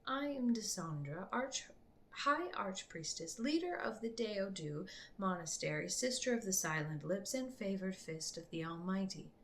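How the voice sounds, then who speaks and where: A woman reading aloud and voicing a stern priestess warrior in a storybook, speaking softly and coolly, sometimes in a whisper. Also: mid-range voice, lively intonation, measured pace, slight background noise. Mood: soothing. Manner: soft, cool and hushed, at times whispered.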